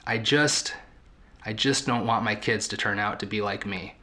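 A man reading out the halting words of a nervous young man on the verge of sobbing. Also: fairly low pitch, sharp tone.

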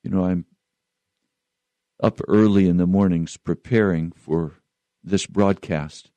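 A man's voice: deep voice, steady tone, slow pace, dark tone, no room sound, dull audio. A man who is a pastor, giving an earnest radio sermon and reading aloud.

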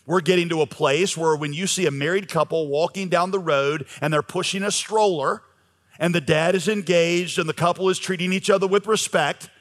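A man's voice: on the high side, moderate pace. A man preaching a sermon as pastor, talking conversationally with frequent fillers. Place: church sanctuary. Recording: long reverb of a large hall.

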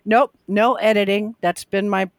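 A woman's voice: medium pitch, fairly even intonation, normal speed, no room sound. A woman, a drummer and guest on the show, chatting casually and telling stories with quoted back-and-forth. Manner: chatty, storytelling with quoted exchanges. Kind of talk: casual chat.

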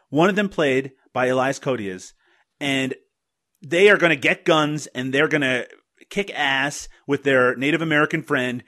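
A man's voice: on the high side, fairly bright tone. A man hosting a film podcast, laying out his arguments with some hesitation. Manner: analytical, building points with hesitations. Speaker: podcast host. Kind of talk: casual film-review chat.

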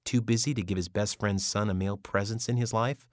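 A man narrating an audiobook novel in a measured storytelling manner. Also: fairly low pitch, steady tone, no echo, clean studio sound. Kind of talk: scripted narration.

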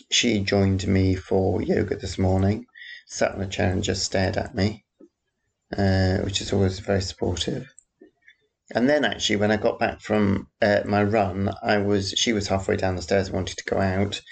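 A man chats away in a relaxed diary-style ramble, often pausing to ask himself where he was. His voice is low and gravelly, with a flat, even delivery that barely rises or falls. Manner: rambling, chatty, self-interrupting. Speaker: vlogger. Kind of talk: casual diary-style chat.

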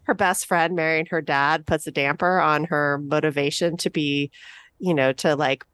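A woman's voice: low voice, fairly even intonation, normal speed, fairly bright tone, smooth, no room sound. A woman co-hosting a podcast, chatting in a thoughtful, easygoing way. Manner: chatty, thoughtful, with light laughs. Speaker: podcast co-host. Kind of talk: casual chat.

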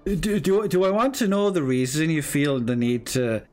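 A man's voice: fairly high pitch, moderate pace, a little mellow, soft background music, close to an everyday voice. A man voicing a cheerful, short male builder who runs a tavern. He plays him in a tabletop game with a fake Irish brogue that keeps slipping. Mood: wary. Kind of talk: tabletop role-play character voice.

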